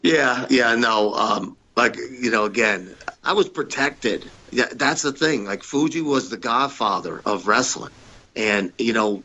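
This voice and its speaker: A man who is a guest on a podcast, telling stories in a lively way and acting out the other people's lines. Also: on the low side, highs cut off, a little hiss or hum. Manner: animated storyteller who acts out the quoted voices. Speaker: podcast guest, retired wrestler. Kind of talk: storytelling in an interview.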